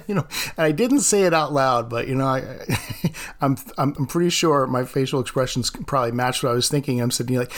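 A man's voice: medium pitch, animated, quick pace. A man who teaches art, hosting his own podcast and telling a classroom story in a casual way, laughing often.

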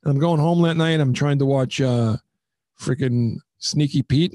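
A man's voice: mid-range voice, unhurried, very noisy. A middle-aged man hosting a comedy podcast, telling rambling self-mocking stories in casual chat on a headset mic. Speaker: podcast host.

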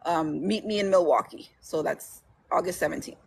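A woman's voice: on the low side, moderate pace, vocal fry, slight background noise. A woman author as a guest, chatting casually about her books and laughing often as she tells their stories. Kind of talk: casual chat.

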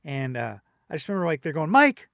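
A man's voice: a little high, fast, vocal fry, dry recording, clean studio sound. A man talking as a podcast guest, opinionated and rambling with many fillers. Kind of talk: casual chat.

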